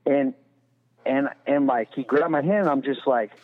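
A man's voice: medium pitch, unhurried. A man telling a story in a casual, profane, rambling way as a podcast guest, full of "you know". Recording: tinny phone-like sound with long reverb.

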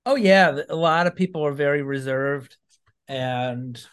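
Chatty laughing man, a bit higher pitched. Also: measured pace, a bit bright, smooth. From Maine. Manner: chatty, laughs often, many fillers and restarts. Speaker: podcast guest. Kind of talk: casual chat.

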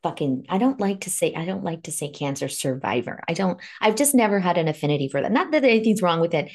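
A woman with a low, gravelly voice tells her story on a podcast. She is frank and emotional and swears without a second thought. She sounds like a life coach speaking from her own experience. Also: expressive, fast talker. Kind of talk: candid conversational podcast talk.

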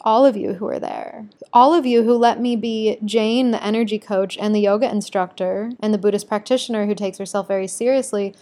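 A woman who coaches energy work and teaches yoga talks openly about her own experiences. She swears freely and talks with emotion. Her voice sits at a middle pitch. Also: steady tone, a little fast, hardly any pauses, warm tone. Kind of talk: candid personal storytelling.

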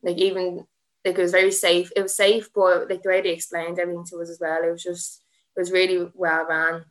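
A woman's voice: fairly low pitch, flat delivery, brisk. A young Irish woman, an MMA fighter and podcast guest, telling a rambling story full of "like" and laughing asides. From Ireland. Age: young adult.

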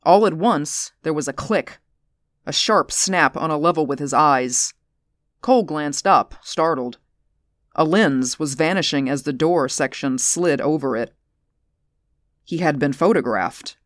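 A woman narrating a story aloud in a measured audiobook reading. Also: sits low, no echo, clean studio sound. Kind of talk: audiobook narration of science fiction.

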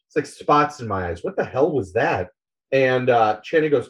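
A man's voice: mid-range voice, animated, moderate pace. A man casually recapping a graphic novel for a podcast, rambling with many fillers and acting out the characters' lines. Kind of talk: casual retelling with quoted voices. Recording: slightly dull, lo-fi audio.

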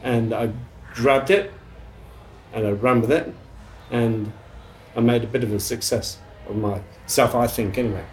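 Rambling middle-aged English chef. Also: male voice, medium pitch, unhurried, a little hiss or hum. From England. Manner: rambling, frequent restarts and throat clearing, swears casually. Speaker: chef guest. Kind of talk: casual storytelling interview.

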